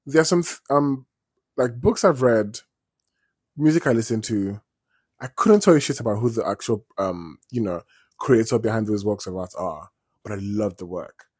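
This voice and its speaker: A man's voice: lowish voice, normal speed, a little mellow, breathy edge, no echo, studio quality. A man talking casually as a vlogger, retelling a story in a chatty, digressive way and swearing freely.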